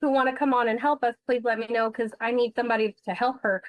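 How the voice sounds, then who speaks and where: A woman's voice: fairly high pitch, steady tone, quick pace, no echo, poor audio. Blunt, emotional woman investigator. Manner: blunt, emotional, swears freely. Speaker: guest, insurance fraud investigator. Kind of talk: podcast interview.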